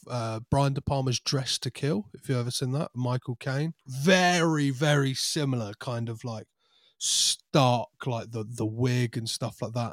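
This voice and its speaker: A man's voice: medium pitch, no echo. Thoughtful man, dry close sound. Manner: thoughtful, hesitant, fillers like "do you know what I mean". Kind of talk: casual film discussion.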